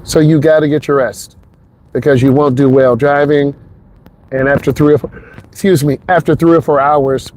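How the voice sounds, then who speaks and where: A man's voice: fairly high pitch, fairly even intonation, moderate pace, darkish tone, a little hiss or hum. A man who teaches driving, chatting casually and rambling to the viewer while he drives, recorded in his car on a clip-on mic. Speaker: driving instructor. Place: inside a car on an expressway. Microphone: wireless clip-on mic into a phone.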